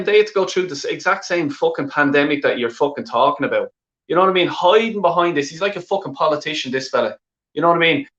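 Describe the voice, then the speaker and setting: This Irish man talks fast in a fairly high, fairly bright voice, ranting angrily about football on a live stream. The sound is roomy with the highs cut off, and he swears heavily, exasperated, repeating himself over and over.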